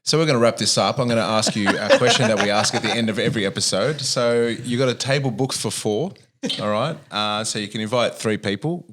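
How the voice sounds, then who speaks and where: A man's voice: on the low side, brisk, hardly any pauses, fairly bright tone, slight background noise. A man co-hosting a podcast, asking questions in a jokey, playful way. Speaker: podcast co-host. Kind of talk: casual podcast chat.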